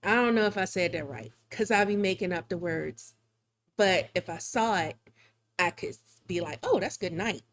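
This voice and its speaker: A woman's voice: lowish voice, moderate pace, fairly bright tone. A woman streaming live while drawing, chatting casually in a rambling, chatty way with frequent laughs. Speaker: live-streaming digital artist.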